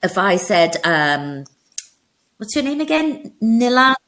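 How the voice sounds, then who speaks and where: An older woman, a speech and drama teacher, coaching a student over a video call in an expressive, instructive way. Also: mid-range voice, slow. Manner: expressive, instructive, demonstrates with her voice. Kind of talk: one-on-one online coaching.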